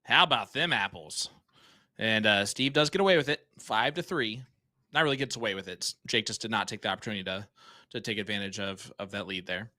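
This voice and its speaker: A male darts commentator with a bright, forceful voice, calling the action live. He keeps up a loose, joking patter and teases his co-host between legs. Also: lowish voice, fast. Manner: jokey, teasing banter.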